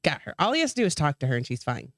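A woman co-hosting a podcast in casual chat, chatty and quick to react, reading out listener comments. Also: low-pitched, sing-song, no echo, clean studio sound. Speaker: podcast co-host.

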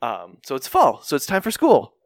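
A man's voice: medium pitch, huge pitch swings, normal speed, no room sound, studio quality. A man casually recapping an anime episode with a co-host, rambling and joking as he goes. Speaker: podcast co-host.

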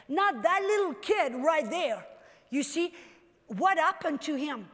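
A woman preacher giving an animated sermon that builds up to shouts. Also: high-pitched, takes it slowly, long reverb tail.

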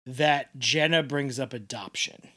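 A man co-hosting a podcast, chatting casually and jokily about a TV episode. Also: mid-range voice. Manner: animated, jokey, quick asides. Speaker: podcast co-host. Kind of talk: casual recap chat.

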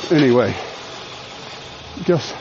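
A man's voice: medium pitch, expressive, slow, darkish tone, dull audio, faint music behind. A man hosting a casual solo podcast, chatty and self-deprecating, a little out of breath as he walks outdoors. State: slightly out of breath from walking. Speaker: podcast host. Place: outdoors while walking.

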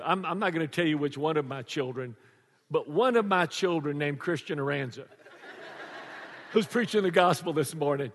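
An older man preaching a sermon to a congregation, animated and joking, laughing often. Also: high-pitched. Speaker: pastor. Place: church before a congregation. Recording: long reverb of a large church.

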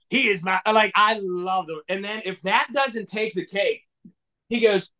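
A man from southwestern Pennsylvania, a podcast guest and toy collector, telling a story in a casual, animated way and acting out the dialogue. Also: a little slow. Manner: animated, acts out dialogue with big swings in pitch.

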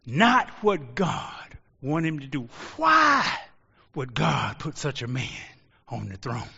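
A man preaching a sermon as pastor, rising to shouts and slowing into drawn-out pauses. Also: mid-range voice, huge pitch swings, creaky, slightly rough. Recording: lo-fi audio with long reverb.

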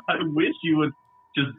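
A man's voice: fairly high pitch, narrow, tinny audio. A man from a Texas border town, chatting casually as a podcast guest, laid-back and joking with lots of fillers. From Laredo, Texas border town. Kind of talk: casual chat.

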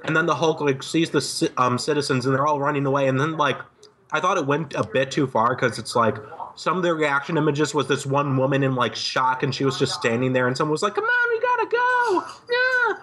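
A man's voice: mid-range voice, fairly even intonation, a little fast, a bit bright. A man in a casual chat, rambling along with many fillers.

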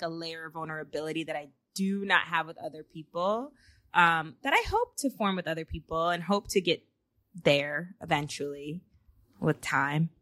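A woman's voice: sits low, dry recording. A young woman co-hosting a casual chat podcast, telling stories with lots of laughter and acted-out quotes from her home office. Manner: animated storytelling, laughs often, acts out quotes. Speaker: podcast co-host.

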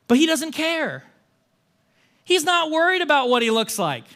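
In a conversational sermon, a male pastor speaks at normal speed with a voice unusually high for a man, bright and forceful. He tells the story animatedly, full of rhetorical questions and a casual "like."

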